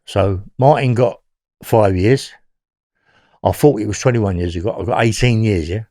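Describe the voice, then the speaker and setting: A man's voice: on the low side, moderate pace, dark tone, dry recording, clean studio sound. A man with a London accent telling his story as an interview guest, rambling and often checking in with "yeah?".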